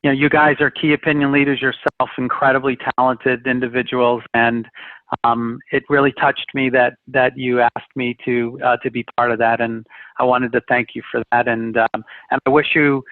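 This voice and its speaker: A man's voice: mid-range voice, little pitch movement, moderate pace, no room sound. A man guest in an interview talking in an earnest, reflective way, with many fillers. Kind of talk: casual interview talk. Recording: tinny phone-line sound.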